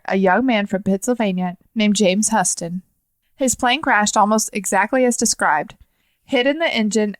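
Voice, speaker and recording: Woman co-host, mid-pitched voice, dry close sound, steady reading. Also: no echo. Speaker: podcast co-host. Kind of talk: reading stories, casual chat.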